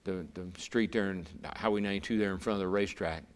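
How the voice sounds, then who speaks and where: Ex-racer, low-pitched, spins a long story for the interviewer, stumbling over words now and then. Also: male voice, steady tone, fast talker, clear, resonant tone. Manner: vivid storyteller, repeats words when emotional. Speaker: interview guest, former racer turned broadcaster. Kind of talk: storytelling in a conversation.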